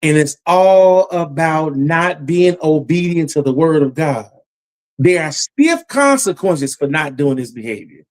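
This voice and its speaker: A man's voice: on the high side, lively intonation, measured pace. A man preaching a Bible lesson about judgment, emphatic and repetitive, his voice climbing as he warns. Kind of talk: Bible teaching sermon.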